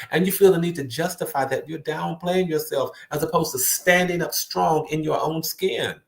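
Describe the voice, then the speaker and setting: A man's voice: fairly high pitch, animated, moderate pace, creaky, few pauses. A man giving an earnest, emphatic motivational talk to the viewer, repeating words for stress. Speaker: motivational speaker. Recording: roomy echo.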